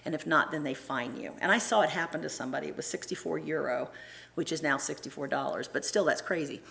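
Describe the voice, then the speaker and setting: Lively woman telling a travel story. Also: sits low, fast, gravelly. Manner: animated storyteller who acts out dialogue. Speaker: guest speaker at a church. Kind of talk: personal travel story told to a congregation. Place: church.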